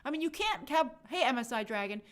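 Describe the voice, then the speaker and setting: A young woman hosting a casual live stream, reading viewer comments aloud and chatting in an animated way with many fillers. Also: sits high, brisk. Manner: chatty, animated, lots of fillers and quoted asides.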